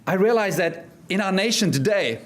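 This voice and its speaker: A man's voice: high voice, expressive. South African man giving a storytelling speech. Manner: personal anecdotes with humorous asides, slow deliberate pauses. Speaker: keynote speaker. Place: club function room.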